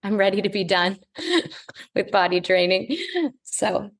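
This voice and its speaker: A woman's voice: mid-range voice, lively intonation, slow pace. A woman in a group call speaking candidly, rambling a little and laughing as she talks. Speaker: group member sharing. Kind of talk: casual group discussion.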